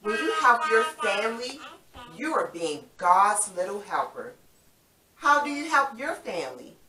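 A woman's voice: mid-range voice, big pitch swings, measured pace, crowd noise. A woman leading young children through a Bible story, coaxing and playful as she acts it out. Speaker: children's Sabbath School teacher. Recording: echoey room from far off.

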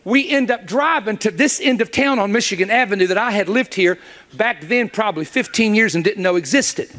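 Male preacher, high lively voice, storytelling sermon that rises to shouts. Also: brisk. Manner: storytelling preacher, acts out dialogue, builds to shouts.

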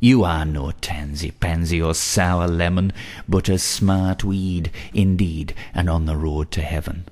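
A man voicing a croaking, nasty old witch in a storybook tale. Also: sits low, fairly even intonation, unhurried, a little mellow. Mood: approving.

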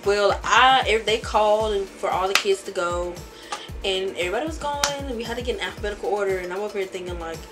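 Loud music plays behind a young woman beauty vlogger who talks fast in a medium-pitched voice. Doing her makeup at home, she tells chatty, rambling stories and laughs often.

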